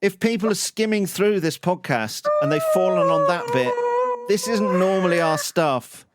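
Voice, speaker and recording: A man's voice: sits high, huge pitch swings, normal speed, heavy background noise. A man hosting a podcast in casual chat, wry and teasing. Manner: wry, teasing, repeats lines for comic effect. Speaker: podcast host.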